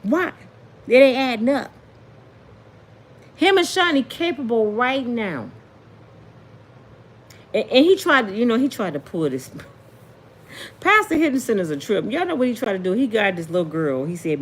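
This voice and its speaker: A woman's voice: on the high side, big pitch swings, moderate pace, pauses often, slight background noise. A woman giving a casual, indignant commentary monologue, full of rhetorical questions and plain colloquial talk. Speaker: commentary vlogger.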